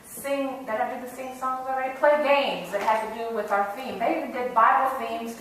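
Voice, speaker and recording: A woman pastor delivers a sermon in a relaxed, earnest, storytelling way, her voice fairly high. She is heard from some distance in a church full of echo, with faint noise behind her. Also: brisk. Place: church sanctuary.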